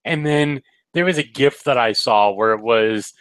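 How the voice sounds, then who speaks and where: A man's voice: medium pitch, normal speed, a bit bright, clear, resonant tone, no echo, poor audio. A young man co-hosting a fan show, telling stories casually and dropping into silly voices for jokes. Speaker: podcast co-host.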